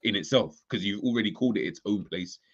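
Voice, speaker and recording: Casting: low-voiced man from London, chatty, halting, a bit lo-fi. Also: breathy edge. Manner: chatty, halting, many restarts. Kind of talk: casual football banter.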